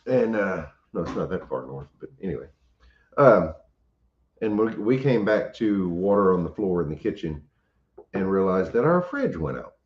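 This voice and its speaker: A man hosting a relaxed livestream chat from home, speaking haltingly and greeting viewers from the comments. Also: low-pitched. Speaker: homestead channel host. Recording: roomy, slightly dull sound.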